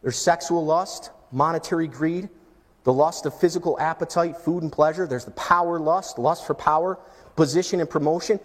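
A man preaching a sermon as pastor, emphatic, swinging from booming lines to hushed ones. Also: moderate pace, big-room sound.

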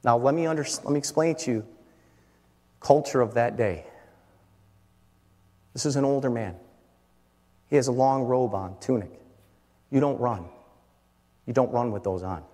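A middle-aged man preaching a sermon, dropping to quiet storytelling and then rising to loud, shouted declarations. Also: mid-range voice, normal speed, pauses often. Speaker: pastor. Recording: long hall reverb.

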